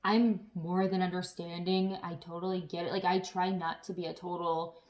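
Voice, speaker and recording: A woman chatting casually to camera as a vlogger, telling stories in an animated way with some swearing. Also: lowish voice, normal speed.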